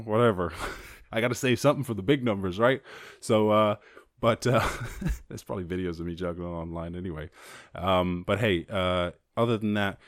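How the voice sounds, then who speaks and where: A man's voice: on the low side, no echo, studio quality. A man hosting his own show, freestyling raps full of swearing, then chatting loosely and laughing at himself. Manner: profane, rambling, laughs at himself. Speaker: show host. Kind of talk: freestyle rapping and casual outro chat. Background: beat music playing.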